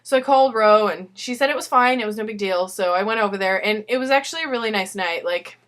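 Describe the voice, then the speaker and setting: A woman's voice: mid-range voice, fast, fairly bright tone. A young woman chatting casually in a personal video letter, telling a story and breaking into frequent giggles. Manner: giggly storytelling, laughs often.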